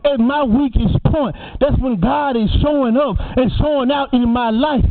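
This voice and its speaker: A man's voice: extremely high pitch, moderate pace. A man preaching a funeral sermon in a rhythmic, repetitive cadence. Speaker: eulogist preacher. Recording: tinny, phone-like lo-fi audio.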